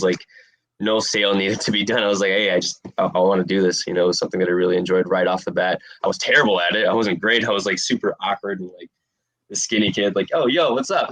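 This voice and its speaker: A man in his twenties answering interview questions in a relaxed, rambling way with lots of fillers. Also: low voice, dry recording. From USA. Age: 20s. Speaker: interviewed fighter.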